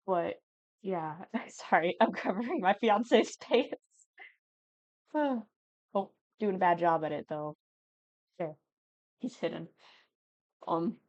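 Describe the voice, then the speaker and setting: Speaking in a mid-range voice, this 19-year-old woman, a gaming YouTuber, talks casually at home while she plays, giggling and rambling as her thoughts jump around. There's no echo, and the sound is dry, dull and lo-fi.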